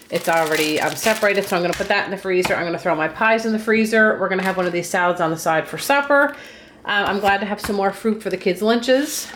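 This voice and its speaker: Woman, 30s, from Eastern Canada, stuffed-up voice, casual vlog chat, ums, faint background noise. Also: fairly low pitch. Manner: chatty, lots of ums. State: stuffed up from a cold. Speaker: stay-at-home mom vlogger.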